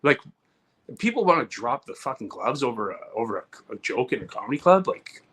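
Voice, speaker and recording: A man's voice: mid-range voice, sing-song, a little fast, a bit bright, slightly rough. A man co-hosting a comedy podcast, talking heatedly, swearing and restarting his sentences. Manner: heated, repeats words and restarts often, swears. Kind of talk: casual podcast chat.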